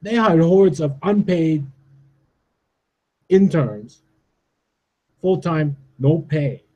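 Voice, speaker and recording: A man's voice: a little high, expressive, very slow, dark tone. Ranting, profane man in his forties. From Canada. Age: 40s. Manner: profane, agitated, repeats "all right?". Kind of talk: ranting monologue.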